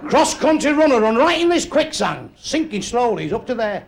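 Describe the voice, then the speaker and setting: An older man telling crude jokes on a comedy club stage in a blunt, deadpan way. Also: sits high, slow pace, creaky, pauses often. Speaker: stand-up comedian. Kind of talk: stand-up joke telling. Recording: live club crowd laughing. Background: audience laughter.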